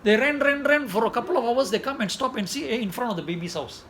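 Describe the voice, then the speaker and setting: A man telling a story in a sermon, animated, acting out voices and laughing often. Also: very high-pitched, rapid-fire. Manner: animated, mixes Tamil and English, acts out voices, laughs often. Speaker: preacher. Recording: noisy ambience behind.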